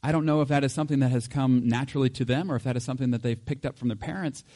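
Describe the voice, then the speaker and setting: The man races along in a warm, mid-range voice, his words carrying the sound of a big room. As a pastor preaching casually, he laughs a lot and draws on simple, homely examples.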